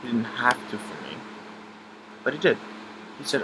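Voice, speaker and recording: Young man, personal story vlog, halting and emotional, middle pitch, noisy background with air-con hum. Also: big pitch swings. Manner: halting, emotional, many restarts and fillers.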